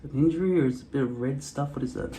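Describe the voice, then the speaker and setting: A man's voice: medium pitch, racing, dark tone, a little hiss or hum. A man with an Australian city accent, hosting a hairpiece vlog in a rambling, wry, self-deprecating way. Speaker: hairpiece channel host. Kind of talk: casual vlog monologue.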